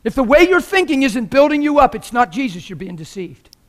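A man preaching a sermon in an impassioned, exhorting manner that climbs into shouting. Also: very high voice, big pitch swings, a little fast.

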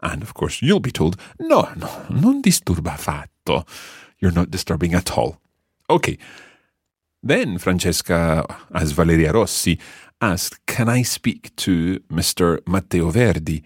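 A man's voice: deep voice, animated, unhurried, slightly rough, no echo, studio quality. A man teaching a language lesson, patiently explaining step by step and quizzing the learner.

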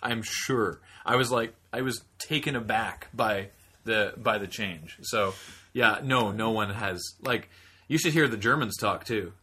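Bright-toned man rambling in casual chat. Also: fairly low pitch, unhurried, husky. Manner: rambling, laughing asides. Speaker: podcast co-host.

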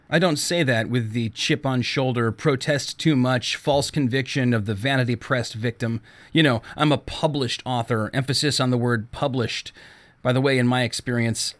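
A male author hosting his own podcast. He tells his story in a wry, self-deprecating monologue. His voice sits in a plain middle register. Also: mid-range voice.

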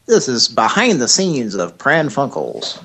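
A man co-hosting a casual comedy chat over a voice call, making absurd deadpan jokes. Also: mid-range voice, a little slow, slightly rough. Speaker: co-host.

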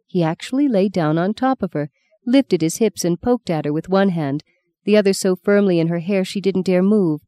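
A woman narrating an audiobook in a steady, measured storytelling voice, close to the mic. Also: fairly low pitch, no echo. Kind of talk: scripted narration.

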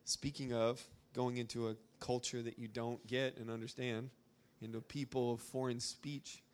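A man's voice: mid-range voice, flat delivery, moderate pace. Man, young adult, from Arkansas, informal church talk, chatty, filler-heavy. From Arkansas, USA. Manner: chatty, rambling storytelling with many fillers. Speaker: speaker at a church gathering. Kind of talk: informal talk to a live audience.

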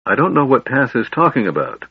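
A man voicing a thoughtful, earnest knight who speaks calmly; dull, dry lo-fi recording. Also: medium pitch, fairly quick, vocal fry, breathy edge, dry recording, voice pushed up, exaggerated voice. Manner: calm, thoughtful.

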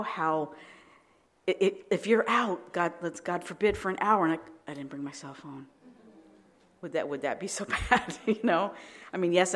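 A middle-aged woman preaching a sermon, telling animated stories with frequent laughter and restarts. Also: sits low.

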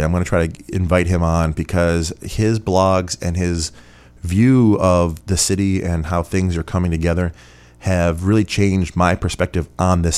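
Deep-voiced chatty podcast host. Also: male voice, a little mellow. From Rochester, New York. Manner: rambling, chatty, many fillers. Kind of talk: casual listener Q&A.

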